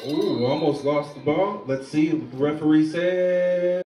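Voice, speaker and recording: A man giving calm, steady play-by-play of a youth football game from an outdoor field. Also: fairly high pitch, unhurried. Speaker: play-by-play commentator. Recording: echoey, distant, with loud crowd and noise. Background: crowd and field noise.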